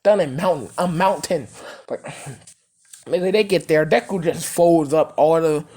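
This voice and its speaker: Low-pitched woman narrator, loose and rambling, curses freely, casual fan storyteller. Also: a little slow, mellow, husky. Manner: rambling, filler-heavy, cursing, laughing.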